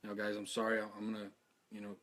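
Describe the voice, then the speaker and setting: An exhausted man talking to his followers in a live video, halting and stammering, repeating his words, earnest and heartfelt. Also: lowish voice, completely flat delivery, a bit bright. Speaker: activist speaking to followers.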